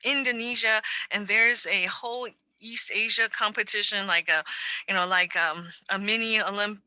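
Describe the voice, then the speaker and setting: A woman's voice: medium pitch, steady tone, bright, forceful tone, clean tone, no echo, low-quality recording. A woman, giving an educational lecture over a video call and patiently explaining. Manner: explains patiently, repeats phrases slowly for learners. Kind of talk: online lecture with Q&A.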